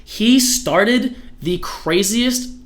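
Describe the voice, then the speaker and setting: A man chatting on a podcast, telling a story with excitement, filling his talk with "like" and swearing. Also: high-pitched, extremely slow. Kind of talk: casual podcast chat.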